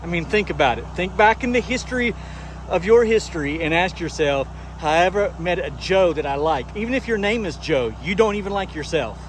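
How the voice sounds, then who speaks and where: A man's voice: high voice, lively intonation, fairly quick. A man filming a casual work vlog, muttering sarcastic complaints while he washes a house outdoors. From United States. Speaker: pressure washing business owner. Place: outdoors at a house job site. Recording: noisy outdoor sound.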